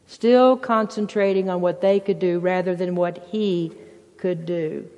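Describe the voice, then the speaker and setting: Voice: mid-range voice, steady tone, measured pace. Emphatic preacher in a reverberant hall. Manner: emphatic, swinging between loud bursts and hushed passages; quotes scripture and acts out voices. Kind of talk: sermon.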